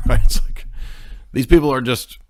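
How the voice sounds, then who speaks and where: A man's voice: medium pitch, measured pace, dark tone, no room sound, studio quality. A man hosting a commentary show, reacting to a clip in a sarcastic, mocking way. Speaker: host.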